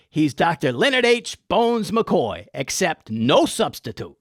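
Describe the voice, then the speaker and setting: A man's voice: fairly high pitch, big pitch swings, measured pace, fairly bright tone, dry recording, clean studio sound. A man hosting a comic episode review, with irreverent, folksy and profane wit. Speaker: host.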